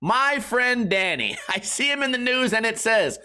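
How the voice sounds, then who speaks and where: A man's voice: sits high, sing-song, measured pace, few pauses, pushed and bright. A man hosting a podcast, rambling through a crude comedic monologue and laughing at his own jokes. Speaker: podcast host.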